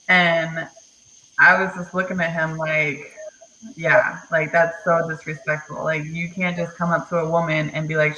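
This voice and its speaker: A woman's voice: lowish voice, flat delivery, unhurried, pushed and bright. A woman on a podcast panel telling a story earnestly, hesitant, with lots of fillers, over dull remote audio with faint hiss.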